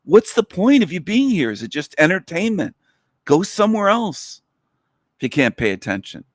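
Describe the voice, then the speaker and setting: A man's voice: high-pitched, sing-song, moderate pace, no room sound, clean studio sound. A man hosting a livestream, scolding his viewers in an irritated, profane rant. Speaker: livestream host.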